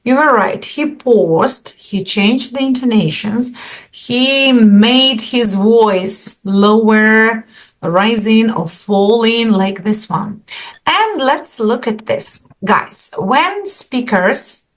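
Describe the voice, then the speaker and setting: A woman English teacher leads an online lesson, her voice a touch high and her pace unhurried. She patiently draws answers out of her students over a video call. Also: lively intonation. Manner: patient, encouraging, asks students questions.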